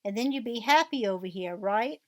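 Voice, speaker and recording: This reader's voice is a little high with lively intonation at a moderate pace, close to how she'd normally talk. She delivers a divorced mother's bitter rant from a transcript in a mostly plain way, with little acting, and no room sound.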